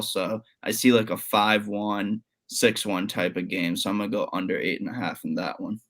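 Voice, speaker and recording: Man, low, monotone, matter-of-fact sports picks. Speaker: sports betting analyst. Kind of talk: casual picks talk.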